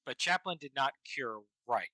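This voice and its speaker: A man running a tabletop game as game master, narrating in a halting way with many ums and restarts. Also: medium pitch, animated, sharp tone, no room sound, poor audio.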